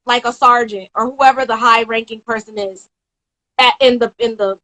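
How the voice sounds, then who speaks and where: A woman in her twenties, a guest on a casual live-stream interview over a phone or video call, tells a story with lots of energy and quickly acts out the people in it. Her voice sits a little high, and the audio is poor.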